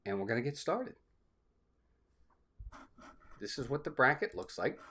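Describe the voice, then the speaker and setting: A man's voice: medium pitch, very animated, a little slow, sharp tone, breathy edge. A man hosting a live stream in a casual, upbeat way, greeting chat viewers one by one by name.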